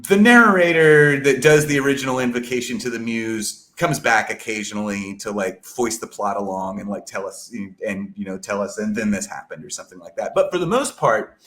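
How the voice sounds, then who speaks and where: A man's voice: on the low side, expressive, brisk, few pauses, a bit bright. A man talking in a casual podcast chat, rambling with many fillers and restarts, loose and a little profane. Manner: rambling, filler-heavy, lots of "like" and "you know". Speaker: podcast guest discussing an epic poem.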